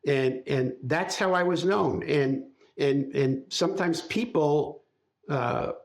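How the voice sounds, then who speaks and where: An older man as a podcast guest, recalling his life in a reflective, halting storytelling way. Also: a little high. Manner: reflective, speaks in halting restarts while recalling. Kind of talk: casual interview storytelling.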